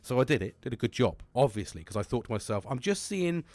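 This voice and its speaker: A man's voice: mid-range voice, sing-song, fast talker, darkish tone, no room sound. Blunt, foul-mouthed man in his forties. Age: 40s. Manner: swears constantly, blunt and boisterous. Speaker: podcast host. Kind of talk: casual monologue.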